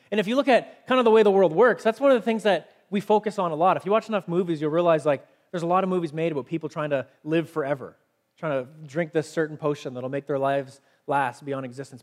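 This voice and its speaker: Earnest man preaching a sermon. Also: a little high. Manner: earnest, conversational, reads scripture aloud. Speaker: pastor.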